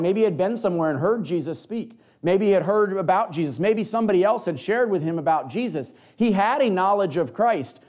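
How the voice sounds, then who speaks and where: A man preaching a sermon, telling a scripture story in an animated way and acting out the people in it. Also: high-pitched.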